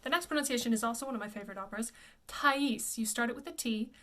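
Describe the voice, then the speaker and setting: A woman voice coach giving a pronunciation lesson. She says each word slowly and then repeats it. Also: on the high side.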